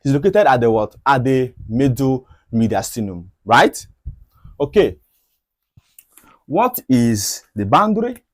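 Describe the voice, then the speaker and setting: A man's voice: mid-range voice, very animated, takes it slowly, long pauses, no room sound, clean studio sound. A man teaching a medical anatomy lesson over diagrams. He often repeats key points and asks rhetorical questions. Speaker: medical educator.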